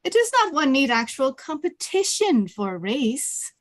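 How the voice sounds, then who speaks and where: A woman reading a proud, sharp-tongued young woman at a table read, crisp and tart. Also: sits high, very animated, measured pace, no room sound. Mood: prickly.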